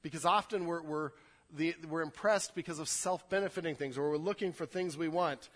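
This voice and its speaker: A male pastor preaching with a voice that sits a little high for a man. His delivery is earnest, and he often repeats words while pushing a point forward. A long reverb trails his words through the church hall. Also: fairly quick, a bit bright. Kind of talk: sermon. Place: church sanctuary.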